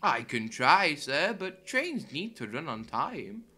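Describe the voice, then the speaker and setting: A man's voice: fairly high pitch, very animated, slow, voice pushed up, heavily acted. Clarabel, a man doing a prim coach lady. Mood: polite. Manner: earnest, polite. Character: gentle female passenger coach, proud and hurt. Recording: loud music under the voice.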